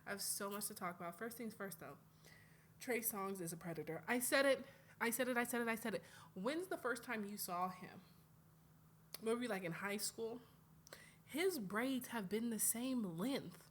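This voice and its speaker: A young adult woman from Atlanta hosting her own podcast in an animated, chatty way. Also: fairly high pitch, normal speed, slight background noise. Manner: animated, chatty, swings between loud outbursts and quiet asides. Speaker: podcast host. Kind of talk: casual solo podcast chat.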